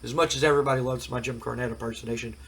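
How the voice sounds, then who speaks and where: A man's voice: medium pitch, fairly even intonation, rapid-fire, vocal fry, a bit bright, breathy edge. A man recapping a wrestling sim game in a rambling, casual way, his voice cracking from a cold. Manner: rambling casual, many fillers. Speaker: gaming channel host. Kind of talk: let's play recap commentary.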